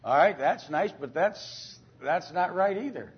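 A man leads an informal Bible class at an unhurried pace, his slightly raised voice rough and husky. He talks haltingly, full of fillers, restarts and throat-clearing, and keeps turning to the students with questions. The recording sounds dull and lo-fi. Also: high-pitched, expressive.

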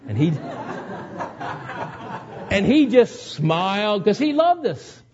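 A man's voice: high-pitched, very animated, very slow, dull audio. A man preaching a sermon, telling a personal story in an earnest way that builds to emotional moments. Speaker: pastor.

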